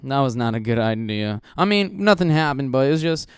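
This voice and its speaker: A young man hosting a podcast, telling a story in an animated, crude, joking way and laughing often. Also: mid-range voice, fairly quick, clear, resonant tone, dry recording, studio quality. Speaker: podcast host. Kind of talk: casual storytelling.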